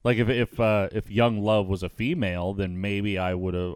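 A man hosts a relaxed podcast chat, easygoing and quick to laugh. His voice sits fairly low, and the sound is close and dry. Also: clear, resonant tone, dry recording. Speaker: podcast host. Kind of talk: casual podcast interview.

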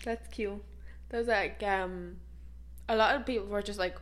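A woman's voice: medium pitch, steady tone, moderate pace. Young Irish woman in casual chat. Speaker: podcast co-host.

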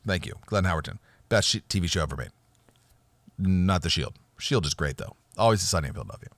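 A man's voice: sits low, animated, brisk, fairly bright tone, dry recording. A man hosting a solo podcast, rambling and ranting with profanity and jokes. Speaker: podcast host.

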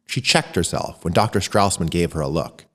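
A man reading a short story aloud as narrator, raising his voice for the shouted lines of the characters. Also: low voice, normal speed, long reverb tail.

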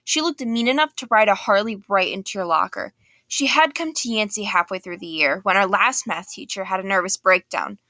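A woman reading a novel aloud in the first person, with lively, expressive narration. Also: medium pitch, brisk, no room sound. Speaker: audiobook reader.

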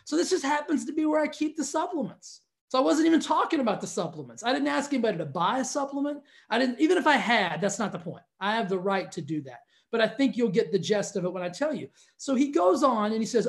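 A fitness studio owner telling viewers a story in a casual, exasperated rant, talking straight to the camera. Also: male voice, sits high, animated, fairly quick.

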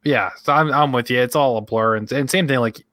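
A man's voice: medium pitch, fairly quick, a bit bright. A young man co-hosting a podcast, chatting casually and rambling through work stories while acting out his coworkers' lines. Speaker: podcast co-host. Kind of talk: casual chat.

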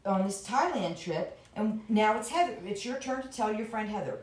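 Woman, gentle and coaxing, distant and roomy on the mic. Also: mid-range voice, expressive, moderate pace, slight background noise.

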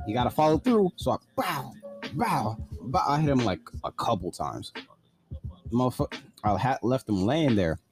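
A man's voice: medium pitch, big pitch swings, measured pace. A man casually telling a personal story, blunt and profane, full of "like" fillers.

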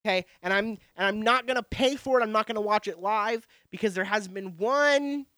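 A man's voice: high voice, fairly even intonation, brisk, sharp tone, no echo, studio quality. A young man hosting a podcast, ranting in a brash, rambling and profane way. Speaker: podcast host. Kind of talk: profane casual monologue.

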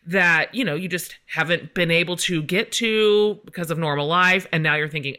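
A woman host with a bright, forceful voice leads a casual podcast interview. She talks in an upbeat, chatty way and keeps affirming her guest. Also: lowish voice, normal speed.

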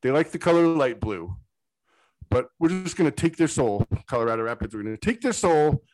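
Excitable rambling man, dry close sound. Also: mid-range voice, a little fast, no room sound, low-quality recording. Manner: rambling, excitable, goes off on tangents. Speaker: podcast co-host. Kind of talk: casual sports podcast chat.

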